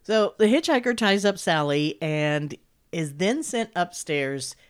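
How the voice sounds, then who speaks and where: A woman's voice: lowish voice, measured pace, clear, resonant tone. A woman co-hosting a podcast, casually recapping a horror film with lots of swearing and laughter. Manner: lively, swearing, laughing often. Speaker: podcast co-host.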